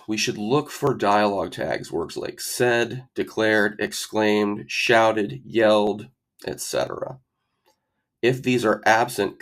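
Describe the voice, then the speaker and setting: A low-voiced man with a gravelly, fry-laced tone walks through test grammar rules step by step. He keeps a methodical tutoring pace and slips in dry, wry asides. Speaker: SAT tutor. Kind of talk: explaining grammar rules over slides.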